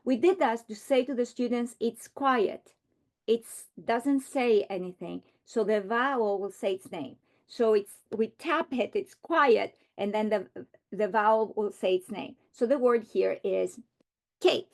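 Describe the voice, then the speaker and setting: A woman teaching a reading lesson, modeling words slowly and deliberately. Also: a little high, a little mellow. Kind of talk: instructional lesson.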